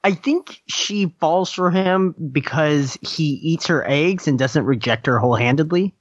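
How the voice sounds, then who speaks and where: A podcast co-host in a casual movie review chat who laughs often and is quick to agree. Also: mid-range voice, slightly rough, no echo. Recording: dry, slightly dull audio.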